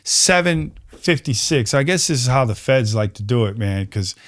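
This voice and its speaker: A man telling a personal story in casual conversation, animated, acting out quoted voices and peppering his speech with fillers. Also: normal speed. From Chicago, USA. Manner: animated storyteller, acts out quotes with rising pitch, many fillers. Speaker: podcast guest.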